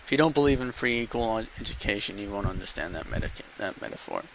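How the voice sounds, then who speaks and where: A man's voice: on the low side, animated, fast, gravelly, fairly bright tone, a little hiss or hum, low-quality recording. A man giving a casual, argumentative political monologue to camera, punctuating points with rhetorical "okay?" and "right?". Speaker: vlogger speaking to camera.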